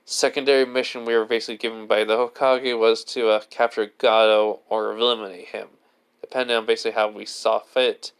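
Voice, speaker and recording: A man voicing a calm adult ninja teacher in his own everyday voice, explaining matter-of-factly. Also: on the low side, brisk, smooth, natural voice.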